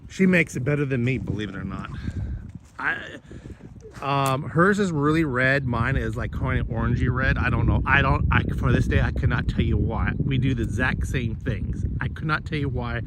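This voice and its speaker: A man's voice: mid-range voice, moderate pace. Rambling, cursing man in a noisy kitchen. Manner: rambling, profane, many restarts. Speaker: vlogger and host. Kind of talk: casual rambling chat while cooking.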